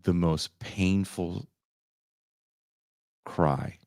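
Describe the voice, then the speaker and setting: A man on a podcast telling a story casually, animated and profane, often leaping up in pitch for emphasis. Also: very slow, no echo, clean studio sound. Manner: animated, profane, jumps into high voices for emphasis.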